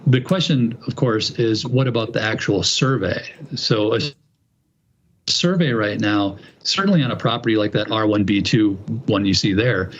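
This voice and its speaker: Man methodically explaining zoning at a meeting. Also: on the low side. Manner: measured and methodical, with occasional restarts. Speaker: planning consultant presenting to a city plan commission. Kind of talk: explanatory presentation at a public meeting. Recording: muffled, lo-fi meeting recording.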